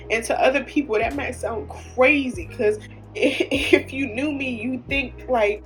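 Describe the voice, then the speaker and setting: A woman hosting her own podcast, talking earnestly and emotionally, tearful at times. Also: a little high. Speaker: podcast host. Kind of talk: heartfelt solo podcast talk.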